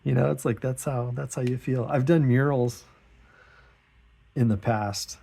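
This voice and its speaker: A middle-aged man hosting an art channel, chatting in a relaxed, rambling, self-deprecating way while he draws, often chuckling and acting out what others said in a higher voice. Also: a little slow, vocal fry. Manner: acts out quoted remarks in a higher voice. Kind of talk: relaxed chat while drawing.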